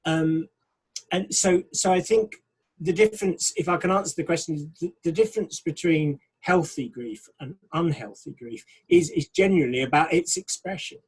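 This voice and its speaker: A pastor talks frankly and thoughtfully in a relaxed discussion, his slightly high voice husky and his pace moderate. He becomes animated when imitating people he's met. The audio is poor.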